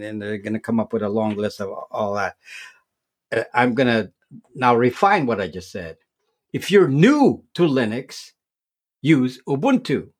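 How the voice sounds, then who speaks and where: A man speaking as a guest in an interview, talking casually about technology. His voice sits in a middle pitch, and he stumbles through restarts and repeated words while he works his way to a point. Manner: halting, many repeats and restarts. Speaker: tech video creator as guest. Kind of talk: casual explanatory interview talk.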